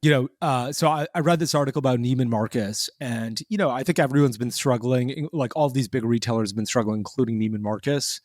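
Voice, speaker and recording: A man co-hosting a podcast in a casual, animated chat, full of fillers and restarts. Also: mid-range voice, quick pace, hardly any pauses, no room sound, clean studio sound. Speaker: podcast co-host.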